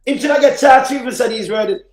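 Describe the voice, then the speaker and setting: A man's voice: extremely high pitch, moderate pace, faint music behind. Fired-up Jamaican man with a roomy echo. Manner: fired-up, sometimes shouting, mixes patois and English. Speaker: live-stream commentator. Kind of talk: heated political commentary on a live stream.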